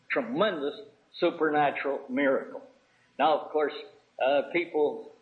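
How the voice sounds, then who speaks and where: A man delivers a sermon, explaining carefully and filling his pauses with "uh". His voice sits a little high. The recording is thin and tinny, like a phone line. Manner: measured, explanatory, with frequent "uh" pauses. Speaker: preacher. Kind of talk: expository sermon.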